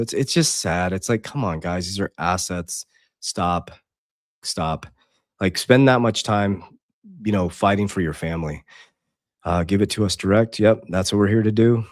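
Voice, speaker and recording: Reading Bible verses and chat comments to his casual livestream audience, the male host sounds intense and preachy, shifting from loud to quiet. He has a fairly low pitch, captured at studio quality with no room sound.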